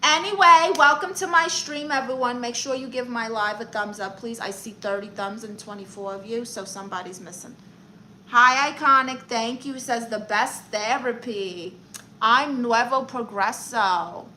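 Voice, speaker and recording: A brash, chatty woman with a Brooklyn accent and a fairly high voice. She hosts an in-character comedy live stream, greeting viewers one after another and reading their comments aloud. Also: normal speed, sharp tone, slight background noise, rough recording. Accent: Brooklyn New York. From Brooklyn, New York. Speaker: livestream comedy host.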